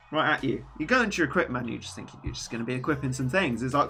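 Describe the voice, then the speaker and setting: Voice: mid-range voice, animated, fast, bright, forceful tone, slightly rough, faint music behind. A streamer chatting casually and rambling while playing a game and reading chat aloud.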